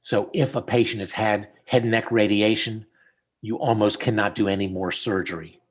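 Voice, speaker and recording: A man's voice: on the low side, moderate pace, husky. A middle-aged man, a dentist, walking a student through cases in casual teaching chat over a video call, telling stories as he goes. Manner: storytelling, animated when quoting people.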